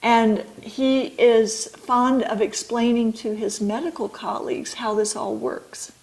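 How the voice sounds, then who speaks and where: A middle-aged woman, an author and midwife, explaining her ideas slowly and thoughtfully in an interview. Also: on the high side, fairly even intonation, creaky, darkish tone, low-quality recording.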